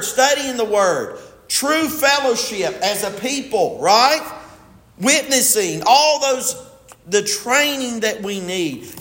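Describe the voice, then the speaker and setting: A man preaching a sermon as pastor, emphatic, swinging from loud stresses to quiet asides, in a church. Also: high voice. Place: church sanctuary. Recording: echoey hall with long reverb.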